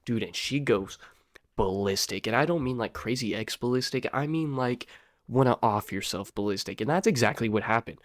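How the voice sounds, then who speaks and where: A young man casually telling a personal story to his viewers, rambling and slangy, peppering his talk with "dude" and "bro" and swinging between loud and quiet. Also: medium pitch, moderate pace, dry recording, clean studio sound.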